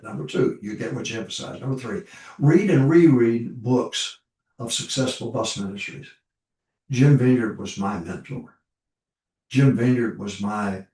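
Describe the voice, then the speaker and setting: A man's voice: mid-range voice, darkish tone. An older man, a pastor, telling folksy stories in an informal ministry talk and repeating his points for emphasis. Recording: roomy echo, voice from far off the mic.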